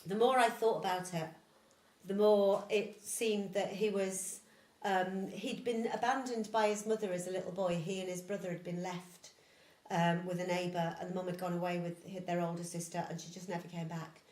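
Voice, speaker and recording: An older woman, a folk singer, softly introducing a song at a home concert with unhurried storytelling and fillers. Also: on the low side, steady tone. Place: home lounge. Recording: roomy echo with music.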